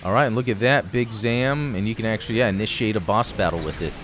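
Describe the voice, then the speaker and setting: A man hosting a gaming channel, giving relaxed, chatty commentary over gameplay with plenty of fillers. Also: lowish voice, fast, background noise.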